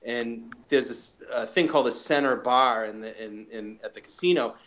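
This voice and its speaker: A man hosting a podcast in casual chat, profane and animated as he tells stories. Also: medium pitch, normal speed. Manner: profane, animated storytelling with many restarts. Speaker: podcast host.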